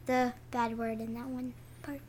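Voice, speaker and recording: A woman's voice: on the high side, little pitch movement, moderate pace, darkish tone. A woman co-hosting a podcast, chiming in with short remarks and details. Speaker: podcast co-host. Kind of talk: casual chat.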